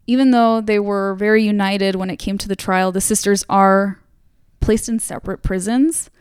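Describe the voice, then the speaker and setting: A woman hosts a casual true-crime podcast, telling the story in a loose, conversational way with plenty of fillers. Her voice is smooth and resonant. The sound is dry and close, with no room echo. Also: medium pitch, fairly even intonation, moderate pace. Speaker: podcast host.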